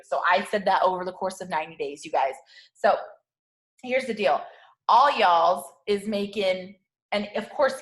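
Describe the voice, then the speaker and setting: This is a woman in her 30s leading a network-marketing team, delivering a motivational talk to camera. She's high-energy, slangy and repetitive in her hype, constantly checking in with her listeners with "okay?".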